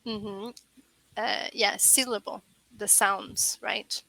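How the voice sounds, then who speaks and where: A woman teaching over a video call, speaking slowly with a gravelly fry. Her tone is bright and crisp. She explains patiently and keeps checking that her student follows. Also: medium pitch, steady tone, low-quality recording. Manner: patient, slow and clear, checks with "right?". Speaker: English tutor. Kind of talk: online English lesson.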